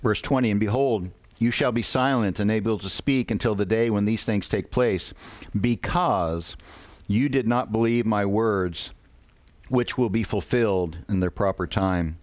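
A man preaching a sermon, reading scripture slowly and deliberately with pauses. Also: fairly low pitch, a little mellow, no echo.

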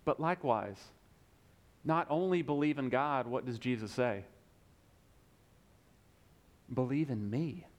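A young adult man preaching a sermon as pastor, emphatic, with repeated phrases and dramatic pauses. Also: on the high side.

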